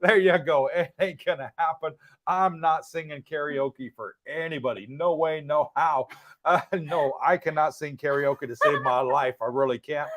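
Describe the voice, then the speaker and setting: A man's voice: on the high side, fairly even intonation, moderate pace, a bit bright. Chatty English man hosting a livestream. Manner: chatty, teasing, laughs often. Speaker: livestream host reading viewer comments. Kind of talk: casual livestream chat.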